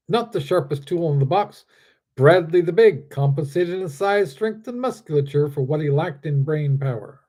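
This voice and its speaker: Man reading a story in a dark tone. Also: a little high. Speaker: author reading his story.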